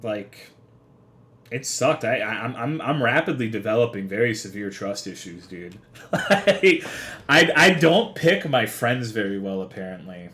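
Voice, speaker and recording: A man's voice: on the low side, expressive, a little slow, sharp tone. A young man streaming live, chatting casually with his viewers in a rambling, profane, self-deprecating way. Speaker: livestreamer. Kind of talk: casual livestream chat.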